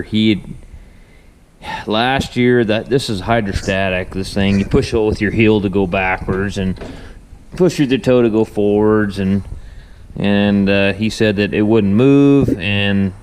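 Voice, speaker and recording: Young guy mechanic rambling on about a job, folksy, lotta restarts, kinda low clear voice. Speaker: tractor repair mechanic. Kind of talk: casual shop vlog talk.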